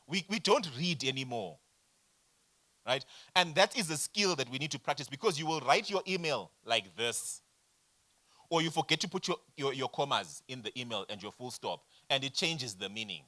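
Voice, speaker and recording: Man, forties, workshop facilitator, animated lecturing, bright tense voice. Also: medium pitch, normal speed. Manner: animated, addresses audience directly with rhetorical questions. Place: workshop room.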